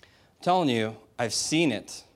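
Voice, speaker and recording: A man's voice: medium pitch, expressive, a little slow. A man preaching a sermon in a direct, emphatic, conversational way, asking the audience rhetorical questions. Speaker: pastor.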